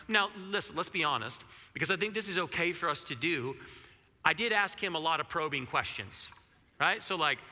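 A man preaching a sermon in a conversational, animated way, acting out the questions he quotes. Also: on the high side, normal speed, long reverb tail. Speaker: pastor.

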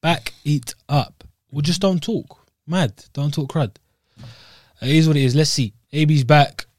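A man co-hosting a podcast, talking in a measured, frustrated way with casual slang. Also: fairly high pitch, a little mellow, dry recording, studio quality. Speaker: podcast co-host. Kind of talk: casual chat.

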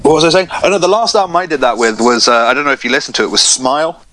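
A man's voice: on the high side, expressive, very fast, fairly bright tone, a little hiss or hum, poor audio. A young man co-hosting a podcast, chatting casually with lots of restarts and swearing. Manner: rambling, swears often, frequent restarts. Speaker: podcast co-host. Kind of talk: casual chat.

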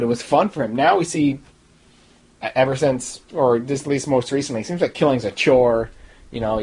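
A man's voice: medium pitch, a little mellow, slightly rough. A young man ranting casually and snarkily in a TV episode review, with mocking asides. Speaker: TV recap podcaster.

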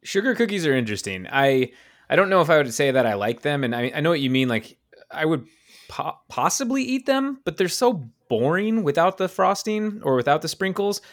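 A man's voice: fairly high pitch, animated, fairly quick. A man co-hosting a casual podcast chat, rambling and restarting his sentences. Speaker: podcast co-host.

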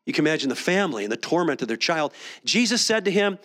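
Casting note: male pastor with a high voice, conversational sermon delivery, frequent restarts. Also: big pitch swings, fast talker, a bit bright. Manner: conversational preaching with many restarts. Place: church sanctuary.

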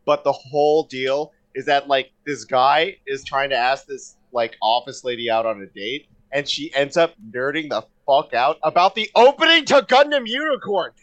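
A man in casual podcast chat, excitable and rambling, swearing often with lots of fillers. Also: mid-range voice, moderate pace, hardly any pauses.

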